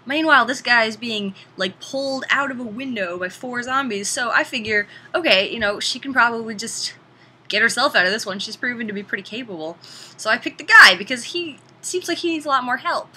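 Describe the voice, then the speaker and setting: A woman casually reviewing a video game in an animated, chatty way, sometimes swearing. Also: fairly high pitch, husky, low-quality recording.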